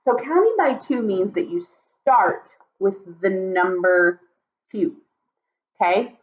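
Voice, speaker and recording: A woman teaching a video lesson to young children from home, talking in an animated, sing-song way. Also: mid-range voice, slow, muffled recording. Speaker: kindergarten teacher.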